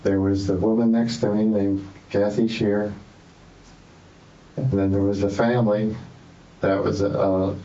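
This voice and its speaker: Dark-voiced man rambling in an echoey room. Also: lowish voice, highs cut off, slight background noise. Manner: rambling, repetitive, defensive. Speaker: suspect in police interrogation. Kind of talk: interrogation interview. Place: interrogation room.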